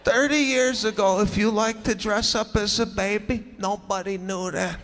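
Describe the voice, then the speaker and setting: A man doing a stand-up comedy routine with animated, exasperated ranting. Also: sits high, normal speed, background noise. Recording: live stage with long reverb, faint ambience.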